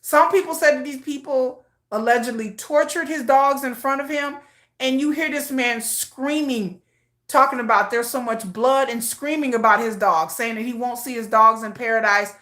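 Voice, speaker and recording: A woman's voice: a little high, steady tone, moderate pace, a bit bright, roomy sound. A woman giving casual, emotional commentary, often repeating herself. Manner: emotional, repetitive, restarts often. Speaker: commentary vlogger.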